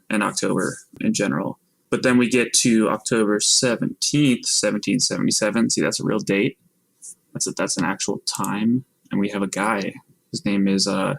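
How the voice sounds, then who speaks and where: Low flat gravelly man chatting. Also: no room sound, poor audio. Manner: unsure, hedging, slow to recall facts. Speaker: podcast co-host. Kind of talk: casual chat.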